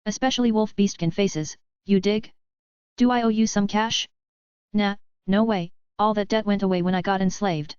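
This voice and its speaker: A woman's voice: medium pitch, steady tone, normal speed, a little mellow, smooth, no room sound, lightly acted. A woman voicing a brash young woman receptionist who teases in laid-back street slang. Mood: teasing. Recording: dry, slightly dull lo-fi.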